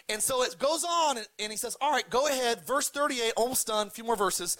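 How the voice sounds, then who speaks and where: High-voiced, bright-toned joking male pastor. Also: a little fast, hardly any pauses. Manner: joking, leads the congregation in call-and-response; reads scripture aloud and retells it casually. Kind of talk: sermon.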